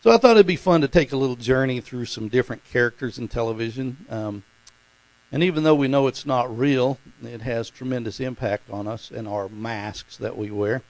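Guy preaching a laid-back sermon, kinda gravelly, asks the folks questions a lot, dry close sound. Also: mid-range voice, no room sound, low-quality recording. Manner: informal, asks the congregation questions. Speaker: pastor. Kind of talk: conversational sermon.

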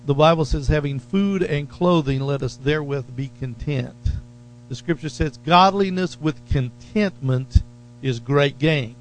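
A man's voice: on the high side, slight background noise. A man preaching a sermon as pastor, leaning hard on key phrases and drawing them out. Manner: slow, emphatic preaching with drawn-out stressed phrases.

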